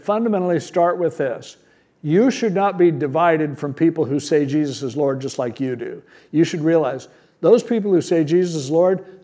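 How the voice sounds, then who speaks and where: A man's voice: on the high side, dark tone. A man preaching a sermon as pastor, teaching verse by verse in a conversational, plain-spoken way and asking rhetorical questions.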